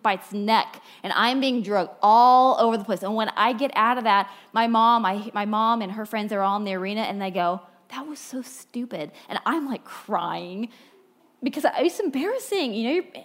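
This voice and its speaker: Woman preacher, fairly high voice, animated storyteller, sermon talk. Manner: animated storytelling, wide swings from bright to hushed. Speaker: speaker at a church talk.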